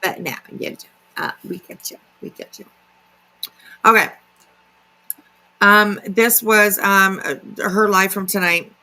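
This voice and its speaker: A woman's voice: mid-range voice, steady tone, slow, long pauses, sharp tone, rough recording. A woman hosting a casual livestream, chatty and filler-heavy, greeting viewers by name. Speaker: livestream commentary host.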